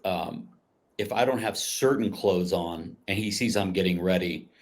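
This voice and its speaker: A man's voice: low voice, unhurried. A man hosting a podcast, talking casually and rambling as he searches for words. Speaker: podcast host.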